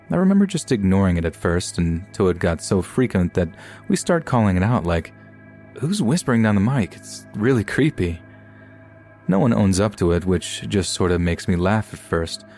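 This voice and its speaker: A man reading scary stories aloud as a scripted narration, in a steady storytelling delivery. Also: sits low. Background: faint background music.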